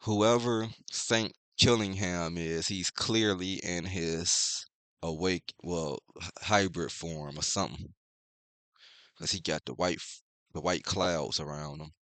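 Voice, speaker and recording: Dude with a low forceful voice riffing on a comic, cussing, super dry sound. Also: male voice, steady tone, slow, no room sound. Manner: offhand, profane, talks straight to viewers. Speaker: comic reviewer. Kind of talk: casual reading and commentary.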